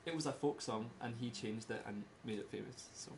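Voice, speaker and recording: A man's voice: medium pitch, slight background noise. Laughing Scottish man giving a talk. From Scotland. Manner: simple slow wording, laughs often. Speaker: presenter giving a talk about Scotland. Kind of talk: casual presentation to a small group.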